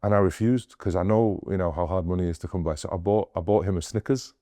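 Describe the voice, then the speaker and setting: A man's voice: low-pitched, fast, mellow, no echo, clean studio sound. A young man, a doctor, earnestly telling stories of his mission in an interview, often retelling scenes with quoted dialogue. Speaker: doctor guest on a humanitarian mission.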